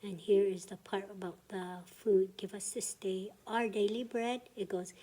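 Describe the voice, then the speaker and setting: A woman teaching a language lesson, patiently breaking words into syllables for students to repeat and often dropping to a soft half-whisper. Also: medium pitch, fairly even intonation, unhurried.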